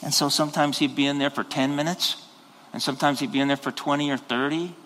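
A man's voice: a little high, fairly even intonation, quick pace, fairly bright tone. A man preaching a sermon as pastor, rambling with restarts and then rising into sudden passionate bursts. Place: church sanctuary. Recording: long hall reverb.

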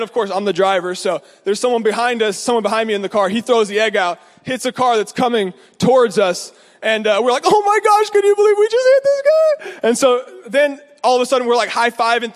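Animated high-voiced male preacher. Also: in a large hall. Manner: animated storytelling, acts out voices. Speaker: pastor. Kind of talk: sermon.

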